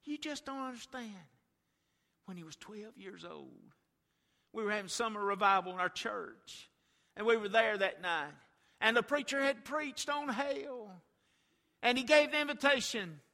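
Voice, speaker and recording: A woman's voice: a little high, measured pace, sharp tone, voice pushed up. A man, a preacher, voicing a grieving middle-aged mother who pleads and wails, heard with long church reverb. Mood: anguished. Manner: pleading, wailing.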